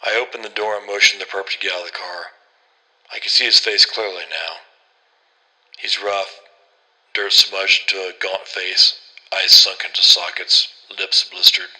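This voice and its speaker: A man's voice: sits low, flat delivery, moderate pace, sharp tone, low-quality recording. A man narrating a horror story in a grim, terse first-person voice.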